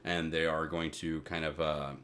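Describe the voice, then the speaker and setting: A man's voice: a bass voice, flat delivery, normal speed, a bit bright. A man co-hosting a casual podcast, rambling about gaming news with lots of fillers and restarts. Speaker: podcast co-host.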